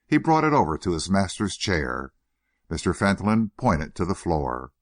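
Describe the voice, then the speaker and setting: A male narrator with a low-set voice, reading a period novel as an audiobook. His delivery is measured yet lively, moving widely in pitch to shape each sentence. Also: no room sound, clean studio sound.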